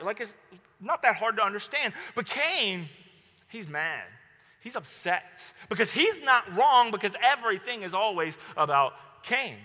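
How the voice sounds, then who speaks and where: A male pastor preaching a sermon, telling stories in an animated way and acting out his own outbursts. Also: sits high, measured pace. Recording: long hall reverb.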